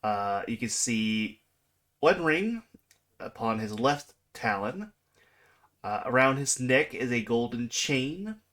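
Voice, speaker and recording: Male game master, slow and halting, full of fillers, average pitch. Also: very animated, a bit bright. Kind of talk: narrating a tabletop game.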